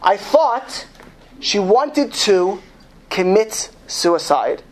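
Male lecturer reading aloud, deliberate, slow, often trips and restarts. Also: high-pitched, very animated. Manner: reads slowly and with emphasis, with frequent restarts. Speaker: speaker reading a story to an audience. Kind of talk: lecture with read-aloud story.

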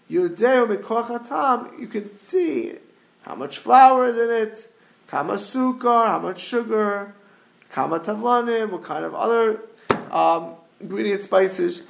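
A man's voice: high-pitched, creaky. A middle-aged man giving an informal Torah class, digressive and full of restarts. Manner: digressive, restarts often, hums melodies. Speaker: Torah teacher.

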